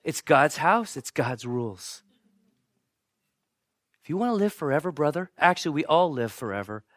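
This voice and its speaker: A male pastor preaching a sermon with jokey asides to the congregation, swinging from loud bursts to hushed, near-whispered lines. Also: on the high side, expressive, moderate pace, no echo.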